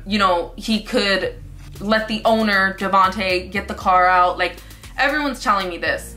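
A young woman tells her story straight to camera, vivid and lively as she acts out the other people's lines. Her voice is bright and clear. Soft music plays faintly behind her. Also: medium pitch. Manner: animated retelling, acts out quotes. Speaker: vlogger. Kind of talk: storytime vlog.

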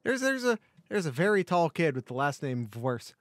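A man co-hosting a casual sports podcast, talking in a rambling, joking way full of restarts. His voice sits a little high. It is recorded close and dry, with no room sound. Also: big pitch swings, moderate pace, no room sound. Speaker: podcast co-host. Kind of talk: casual chat.

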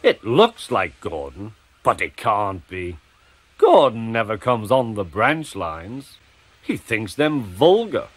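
A man's voice: lowish voice, very animated, slow, heavily acted. A man doing cheeky teasing twin engines. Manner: teasing, playful.

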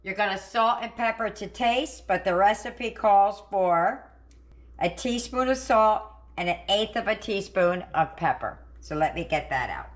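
A woman's voice: mid-range voice, animated, measured pace. A middle-aged woman hosting a home cooking video, chatting and thinking aloud as she cooks. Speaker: cooking channel host. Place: home kitchen.

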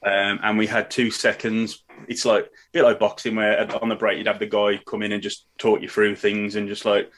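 A man talks easily as a podcast guest, his voice sitting a little low. He tells his stories in a relaxed, chatty way, dropping in "mate" as he goes. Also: brisk, hardly any pauses. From England. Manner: chatty storyteller, says "mate". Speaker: professional wrestler, guest. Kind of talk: casual podcast interview.

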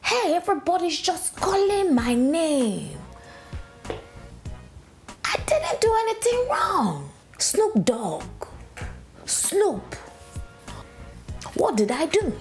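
A woman's voice: extremely high pitch, sing-song, takes it slowly, pauses often, a little mellow, faint music behind, voice pushed up, heavily acted. A woman doing an aggrieved anchor with a Nigerian accent. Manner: exasperated ranting, swings to pleading and whispered insults. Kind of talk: comedy parody monologue.

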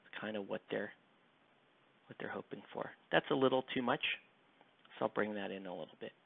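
An American man with a fairly low voice, vocal fry and a breathy edge chats casually with viewers, a little fast, while painting a miniature on a live stream, rambling and joking as he works. The audio is tinny and lo-fi from a close, dry mic.

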